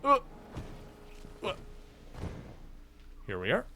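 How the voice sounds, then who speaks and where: A man's voice: sits high, huge pitch swings, extremely slow, creaky, bright, forceful tone, slight background noise. Playful man streaming a game. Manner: playful, chatty, talks to his cat. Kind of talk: casual gameplay commentary.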